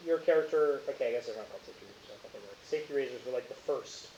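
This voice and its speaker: A man's voice: medium pitch, very fast, darkish tone. A man acting as game master, narrating a tabletop game in a rambling, casual way with lots of fillers. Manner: rambling, filler-heavy, laughs often. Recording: roomy, dull lo-fi with faint hiss.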